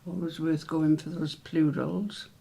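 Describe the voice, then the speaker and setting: A man's voice: a little high, level tone, a little slow, vocal fry, mellow, breathy edge. A man hosting a casual word quiz, musing aloud over the letters and spelling words out. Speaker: quiz host.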